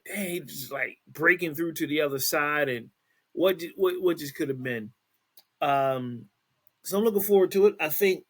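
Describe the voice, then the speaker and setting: A man's voice: mid-range voice, fairly bright tone. A young man hosting an entertainment news podcast, chatting loosely with many fillers and restarts and reading out news items. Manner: reads news items aloud, then adds his own take. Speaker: podcast host. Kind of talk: casual entertainment news chat.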